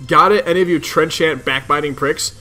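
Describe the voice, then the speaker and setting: Bright, animated, cursing young troll leader, voiced by a man, gruff, faint music under him. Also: on the high side, brisk. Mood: ranting. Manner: gruff, exasperated ranting with heavy swearing. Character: cranky teenage male troll leader, foul-mouthed.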